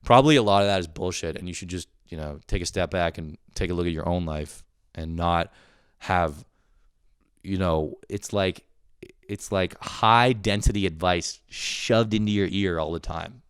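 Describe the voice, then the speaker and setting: A young man hosting a podcast, ranting in a comedic monologue. He curses a lot and sounds irritable and self-mocking, with sudden loud outbursts that drop to low mutters. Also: moderate pace, clean tone, no echo, studio quality. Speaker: podcast host.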